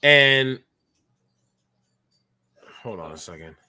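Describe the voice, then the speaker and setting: He talks extremely slowly in a medium-pitched voice. A man in his thirties, he co-hosts a casual basketball podcast with animated, jokey energy and a tendency to get distracted mid-talk.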